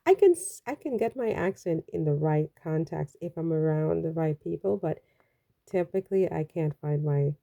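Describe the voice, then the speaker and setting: Low, gravelly-voiced woman from the Caribbean. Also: moderate pace, dark tone, muffled recording. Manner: chatty and rambling, with exclamations. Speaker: royal news vlogger. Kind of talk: casual commentary vlog.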